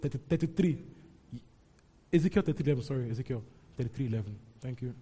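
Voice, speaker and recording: Man preaching a Bible lesson, husky and mellow tone, animated delivery. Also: mid-range voice, fast. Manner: animated, rising into mock outrage when voicing characters. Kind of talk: Bible teaching.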